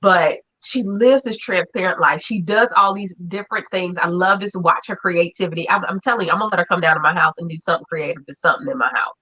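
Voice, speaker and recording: Bright gushy woman host, casual chat, kinda muffled lo-fi audio. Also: on the low side, quick pace, hardly any pauses, husky. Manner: effusive and animated. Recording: dull lo-fi audio.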